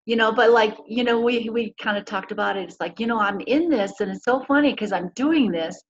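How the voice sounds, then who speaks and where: A woman's voice: a little high, a little fast. A woman in a casual spiritual chat, telling a personal story in an earnest, rambling way. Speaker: co-host. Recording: dull lo-fi audio with faint noise.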